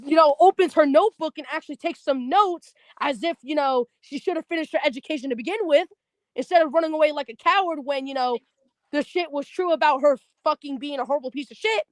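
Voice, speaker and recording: A woman on a livestream tears into someone in a blunt, profane rant. Her voice sits high and the sound is dry, with no room around it. She talks fast and heated, swearing freely. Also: no echo. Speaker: stream guest.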